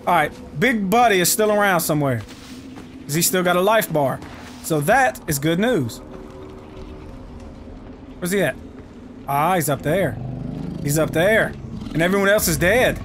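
A young man doing let's play commentary, excitable and profane, trash-talking the enemies in his game. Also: sits high, measured pace, pauses often, a little hiss or hum. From United States. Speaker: gaming YouTuber.

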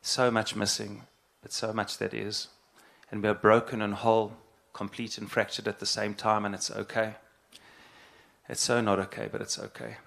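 A middle-aged man, a rabbi, giving an earnest, halting spoken address and repeating phrases for emphasis. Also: fairly low pitch, monotone, vocal fry, a bit bright.

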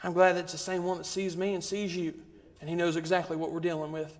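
A man's voice: fairly high pitch, flat delivery, quick pace. A man preaching a sermon, in a rhythmic, repetitive style that builds emphasis. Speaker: guest preacher. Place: church sanctuary. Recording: long reverb of a church hall.

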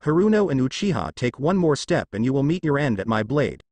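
A man's voice: mid-range voice, sing-song, brisk, a little mellow, dry recording. A man voicing a cocky, cold young male ninja who mocks and threatens in a taunting manner. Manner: taunting and mocking.

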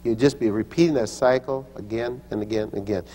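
A man's voice: lowish voice, fast talker, dark tone, long reverb tail. An older man preaching a sermon, telling personal stories and acting out the voices he quotes, often restarting his phrases. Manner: storytelling, acts out quoted voices, frequent restarts. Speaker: pastor and teacher.

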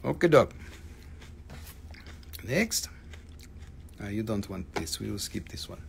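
Middle-aged guy hawking rocks on a live stream, gravelly voice, hypes everything up and swears a lot. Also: on the low side, slow, a little hiss or hum. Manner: excitable, hyping, swearing freely. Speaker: live-stream rock and mineral seller. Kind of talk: live-stream sales chat.

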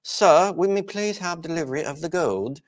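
A man's voice: fairly high pitch, moderate pace, pitched above the performer's own voice, lightly acted. A man voicing a prim, overly formal British gold dealer in a put-on British accent.

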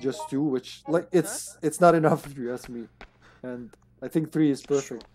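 A man's voice: medium pitch, faint music behind. A man streaming a survival horror game online, chatting casually and animatedly while he plays, with some swearing. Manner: animated, swears, puts on quick voices. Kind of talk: casual gaming chat.

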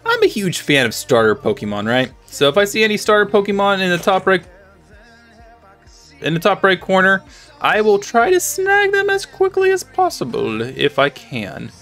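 A man's voice: high-pitched, sing-song, normal speed, fairly bright tone, soft background music. A man casually commentating his own gameplay as a channel host, rambling and chatty, with lots of filler words and restarts. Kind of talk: casual let's-play commentary.

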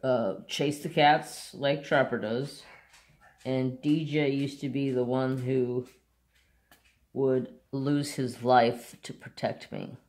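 Slow, gravelly man chatting casually. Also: mid-range voice, steady tone, a little mellow. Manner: rambling, unhurried storytelling. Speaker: crafts channel host. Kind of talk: casual chat.

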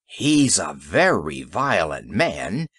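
Man voicing a gruff weary police sergeant, rueful, lively pitch, dry close sound, audiobook. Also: slow pace, dry recording, heavily acted. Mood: wry. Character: weary middle-aged male Irish police sergeant. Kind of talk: audiobook character reading.

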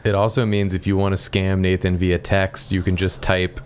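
Male regular on a drawing stream, very deep voice, dry teasing humor, faint room tone. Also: flat delivery, normal speed, a little hiss or hum. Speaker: show regular. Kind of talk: casual chat.

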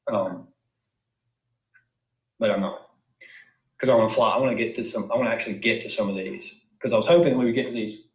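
A man giving an informal philosophy lecture in an emphatic way, asking his class many rhetorical questions. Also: lowish voice. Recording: echoey room.

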